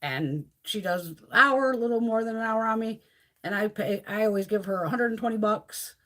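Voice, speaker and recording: A woman's voice: medium pitch, normal speed, sharp tone. A middle-aged woman chatting casually and profanely on a beauty live stream, laughing often.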